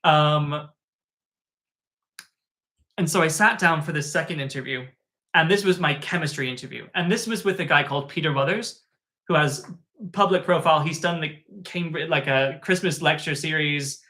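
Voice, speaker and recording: Male tutor, slightly high, crisp and forceful tone, animated casual storytelling. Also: moderate pace. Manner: animated, chatty, lots of fillers. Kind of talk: casual spoken anecdote.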